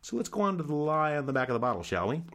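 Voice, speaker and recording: A man's voice: on the high side, very animated, very fast, fairly bright tone. A man casually reviewing cheap wines, with a dry, wry and sarcastic manner. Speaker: wine reviewer.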